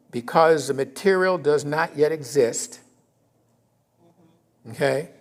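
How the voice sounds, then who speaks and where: A man giving a conversational sermon in a church, often checking in with his congregation and rising in pitch for emphasis. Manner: conversational, keeps checking in with "okay?"; animated, rises in pitch and volume for emphasis. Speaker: minister.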